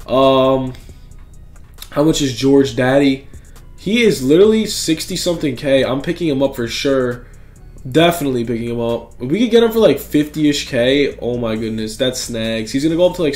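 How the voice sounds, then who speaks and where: A young man giving excited, slangy gameplay commentary, talking straight to his viewers. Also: medium pitch, moderate pace, soft background music. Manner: hyped, slangy, talks to viewers. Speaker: gaming YouTuber.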